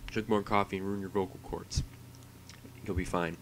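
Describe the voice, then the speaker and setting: A man's voice: sits low, steady tone, moderate pace, noisy background. A man streaming alone, rambling in a profane, self-mocking way while he waits for his stream to start. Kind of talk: casual solo livestream chatter.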